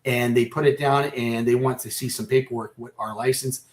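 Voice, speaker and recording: A man telling his own story as a radio guest, halting and repeating himself, close to breaking down. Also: mid-range voice, steady tone. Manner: halting, repeats and restarts phrases. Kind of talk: personal storytelling in a radio interview.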